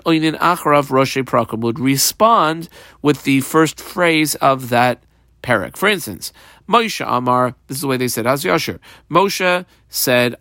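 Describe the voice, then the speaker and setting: Halting man teaching Talmud. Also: medium pitch, fairly bright tone, no room sound, studio quality. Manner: halting, with many fillers and restarts, mixing Hebrew and Aramaic terms. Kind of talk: lecture reading and explaining a text.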